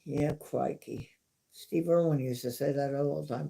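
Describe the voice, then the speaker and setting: Woman chatting on a home livestream, unhurried, creaky voice, repeats herself for emphasis. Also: very deep voice, steady tone, warm tone. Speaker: livestream host. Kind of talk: casual storytelling.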